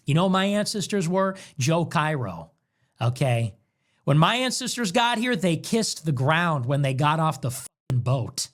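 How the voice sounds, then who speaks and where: A man's voice: on the high side, sing-song, unhurried. A young man hosting a livestream, ranting in an angry, indignant, preaching monologue. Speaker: political livestream host.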